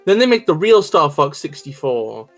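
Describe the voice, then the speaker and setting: A man's voice: on the high side, big pitch swings, moderate pace, faint music behind. A man co-hosting a game stream, chatting casually with joking, profane, rambling riffs. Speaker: stream co-host. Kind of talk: casual chat while gaming.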